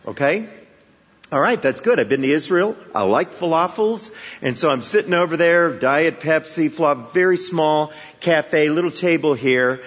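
A man's voice: a little high, lively intonation, moderate pace, fairly bright tone. A man from the Chicago area preaching a sermon, telling stories conversationally and with humor, asking the audience rhetorical questions. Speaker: guest preacher. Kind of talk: sermon with storytelling. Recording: echoey hall, dull sound.

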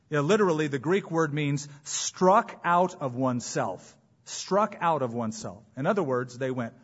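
A male pastor with a husky, fairly high voice preaches with emphasis, slowing down and repeating key phrases for weight. The recording sounds a little dull and muffled. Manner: emphatic preaching with dramatic pauses and repetition. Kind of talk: sermon.

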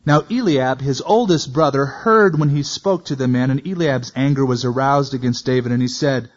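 A man's voice: mid-range voice, normal speed, few pauses. A man teaching verse by verse from the Bible, reading scripture aloud and then adding casual, conversational comments. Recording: dull lo-fi recording.

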